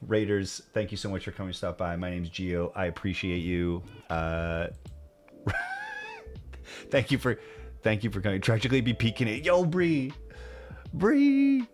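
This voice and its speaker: A man streaming live, chatting casually and animatedly with his viewers and mimicking excited fans. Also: moderate pace, long pauses, music in the background. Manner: animated, laughing, mimics fans in high squeals.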